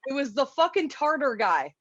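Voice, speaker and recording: A woman with a high voice co-hosts a podcast, telling stories in loose, profane casual chat. The sound is dry and close, with a slightly dull, lo-fi tone. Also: sing-song, normal speed, fairly bright tone, dry recording. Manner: profane, laughing recaps. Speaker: podcast co-host.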